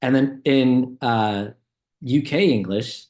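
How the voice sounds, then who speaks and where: A man's voice: mid-range voice, slow pace, darkish tone. A laid-back man in a casual reaction chat who tells rambling stories and laughs often. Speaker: co-host.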